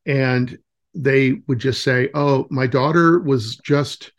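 A man in his forties who directs a nature camp tells rambling stories as a guest in a casual interview, full of fillers and restarts. His mid-range voice stays steady in tone and he speaks slowly.

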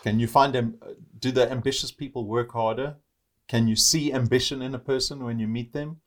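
A man's voice: medium pitch, steady tone, brisk. Earnest man hosting an interview. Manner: earnest, motivational, sums up lessons. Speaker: interview host. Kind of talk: casual interview conversation.

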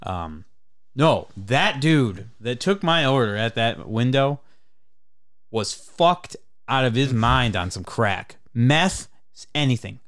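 Animated, profane man telling a story. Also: mid-range voice, slow pace, no room sound, studio quality. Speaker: podcast host. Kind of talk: casual chat, storytelling.

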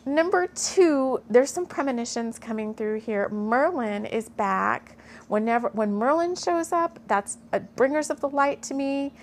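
A woman's voice: fairly high pitch, expressive, unhurried, slight background noise. A middle-aged woman reading a channeled mystical story aloud, breaking off into earnest, gushing asides and getting emotional. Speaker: spiritual storyteller.

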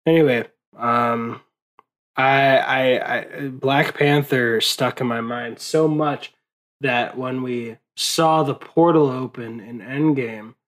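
A man's voice: medium pitch, steady tone, slow pace, a bit bright, poor audio. A young man rambling in a casual late-night monologue, worn out and swearing often, with many fillers and restarts. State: exhausted. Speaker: vlogger.

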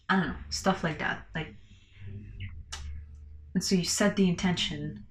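A woman's voice: fairly low pitch, fairly even intonation, slow, a bit bright, roomy sound, a little hiss or hum. A woman hosting a casual solo podcast, rambling loosely, swearing freely and laughing between her thoughts. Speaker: podcast host.

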